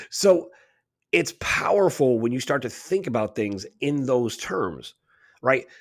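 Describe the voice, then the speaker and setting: A man's voice: medium pitch, big pitch swings, slow, vocal fry. A man co-hosting a radio talk show, talking in an emphatic, preachy way and often tossing in "right?". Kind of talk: casual spiritual talk.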